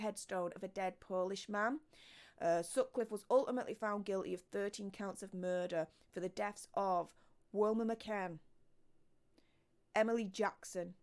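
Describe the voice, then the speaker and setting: A woman's voice: mid-range voice, clean tone. A woman, hosting a true crime video in casual, emphatic explainer chat full of ums and restarts. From Yorkshire, England.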